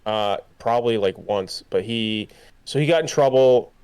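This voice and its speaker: A man's voice: on the low side, normal speed, a little mellow, clean tone. A young man co-hosting a podcast, talking in a loose, rambling way with many fillers and restarts. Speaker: podcast co-host. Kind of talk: casual chat.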